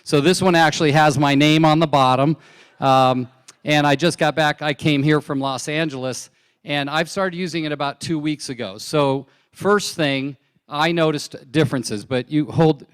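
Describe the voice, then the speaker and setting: Man, stage testimonial, animated storyteller, smooth clear voice. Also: on the high side, normal speed. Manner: animated storyteller, acts out his wife's lines. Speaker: distributor sharing product testimonial. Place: large conference hall on stage. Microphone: handheld mic.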